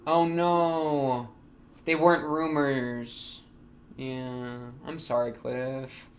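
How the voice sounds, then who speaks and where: A young man, reacting to an anime episode in casual commentary, excitable, laughing often and talking back to the characters. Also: medium pitch, drawn-out words, a little hiss or hum.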